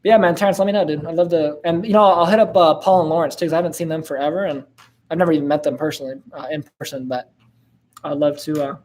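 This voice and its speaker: A man's voice: on the high side, fairly even intonation, fast, a little mellow, slight background noise. A man in his twenties hosting a casual live-stream Q&A, laid-back and slangy, with lots of fillers and laughs. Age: 20s. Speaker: host answering viewer questions.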